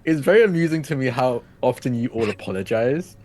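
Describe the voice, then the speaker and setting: A man's voice: medium pitch, lively intonation, fairly quick, a little mellow. A man playing in a tabletop game, telling a rambling story with many fillers and restarts. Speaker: player. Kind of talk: casual storytelling.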